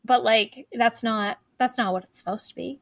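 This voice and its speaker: A woman co-hosting a podcast in casual chat, talking fast and loose with lots of fillers and restarts. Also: a little high, gravelly, no echo. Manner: chatty, many fillers and restarts. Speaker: podcast co-host.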